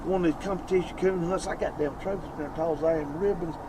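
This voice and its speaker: A man's voice: fairly high pitch, fairly even intonation, fast talker. A man, talking bluntly and profanely during a night outing in the woods. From southeastern United States. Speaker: landowner and coon hunter on a night investigation. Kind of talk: casual outdoor chat. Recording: noisy outdoor night recording.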